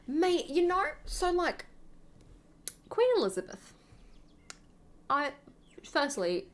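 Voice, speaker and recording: A young woman, hosting a gaming channel and chatting casually over gameplay in a rambling way, full of fillers. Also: sits high.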